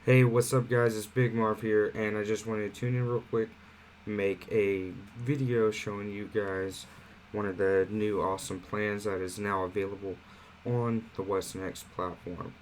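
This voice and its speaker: A man with a lowish voice gives a relaxed, filler-heavy walkthrough of an online marketing platform during a screen-share tutorial. He speaks at a measured pace with hardly any pauses. The recording is poor quality, carrying a slight hiss or hum.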